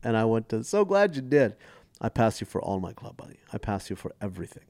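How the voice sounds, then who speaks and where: A man's voice: on the low side, fast talker, creaky, no echo. A man in his forties, a comedian, telling stories in casual podcast chat and acting out the voices of people he quotes. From United States. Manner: animated storyteller acting out quotes. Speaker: guest comedian.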